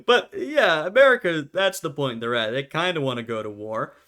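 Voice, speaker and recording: A man's voice: on the high side, animated, normal speed, pushed and bright. A man hosting a history reaction video, talking casually and laughing often as he acts out short quotes.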